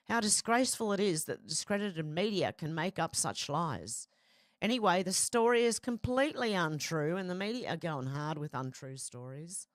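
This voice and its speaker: A woman hosts a casual live news commentary, reading posts aloud and adding wry, chatty asides. She stumbles and restarts as she reads. Her voice sounds dry and close, with no room echo. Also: medium pitch. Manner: chatty and wry, laughs at stories.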